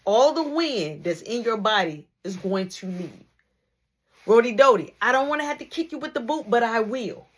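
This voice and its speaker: A woman voicing a tough, no-nonsense mother who threatens her sons with slow, drawn-out warnings. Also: fairly high pitch, expressive. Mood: stern.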